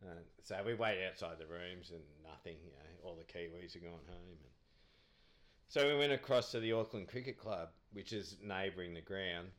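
A man's voice: low voice, normal speed, fairly bright tone. A man, a podcast guest telling cricket anecdotes in a rambling, chatty way, laughing often.

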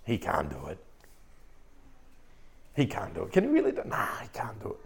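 A man voicing grumbling, doubtful Israelites in a low mutter that drops into a whisper. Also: wildly swooping pitch, brisk, gravelly, exaggerated voice. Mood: doubting.

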